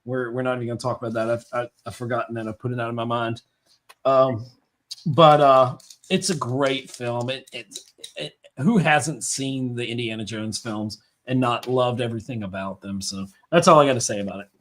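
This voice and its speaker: A man on a casual movie podcast panel, enthusiastic and quick with asides. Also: mid-range voice, a bit bright. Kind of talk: casual movie review chat.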